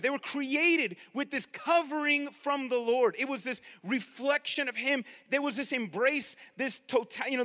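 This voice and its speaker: Animated preacher with a high, bright voice. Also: male voice, in a large hall. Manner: animated, conversational, asks the audience directly. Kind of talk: sermon.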